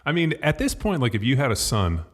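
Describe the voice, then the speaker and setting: A podcast co-host, a man whose accent blends Californian and Canadian. He jokes around loosely and rambles through fillers in casual banter, in a plain middle-pitched voice. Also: wildly swooping pitch, brisk, a little hiss or hum.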